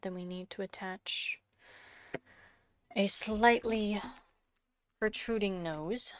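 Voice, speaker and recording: Speaking slowly at medium pitch and pausing often, a woman narrates her sculpting for her vlog. She's congested and coughing, chats casually, searches for words, and drops into whispers now and then.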